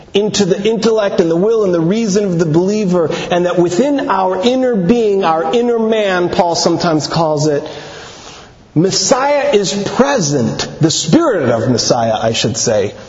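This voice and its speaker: A man delivers a sermon at an unhurried pace, stressing points, repeating phrases and posing rhetorical questions. His voice sits high for a man. The sound is dull and lo-fi, with long reverb from a big hall. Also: darkish tone. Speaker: preacher.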